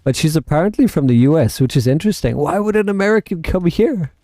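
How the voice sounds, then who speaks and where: A man's voice: on the high side, animated, fast, warm tone, no room sound, clean studio sound. A South African man hosting a casual game livestream, rambling and answering his chat. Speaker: livestream host and gamer.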